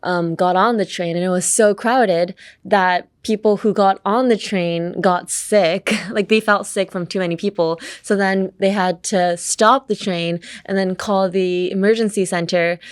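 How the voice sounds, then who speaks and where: A young woman with a Californian accent, hosting a casual bilingual English lesson, chatty and switching between Japanese and English. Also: on the low side. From Los Angeles, California. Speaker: English teacher and podcast host.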